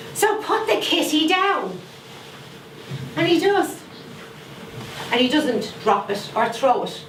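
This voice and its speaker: A woman playing a fierce old grandmother. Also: medium pitch. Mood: recounting. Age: older. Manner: dramatic storytelling with slow emphatic repetition. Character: fierce widowed grandmother guarding the garden cats. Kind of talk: theatre monologue. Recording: echoey room, far from mic, faint noise.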